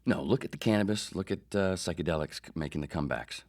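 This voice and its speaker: A man's voice: sits low, quick pace, a little mellow. A man hosting his own comedy podcast, talking in a rambling, sarcastic, profane monologue. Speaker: podcast host.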